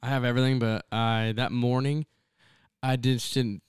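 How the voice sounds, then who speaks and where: A man, co-hosting a casual podcast. He talks quickly and chattily, often repeating himself. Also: mid-range voice, level tone, clear, resonant tone, dry recording, studio quality. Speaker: podcast co-host. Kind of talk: casual chat.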